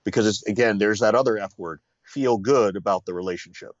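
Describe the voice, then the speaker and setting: A man's voice: lowish voice, brisk, no room sound. A man, a sales consultant guest in an interview, explaining ideas in a confident, teacherly way with many fillers and rhetorical questions. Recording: slightly dull, lo-fi sound.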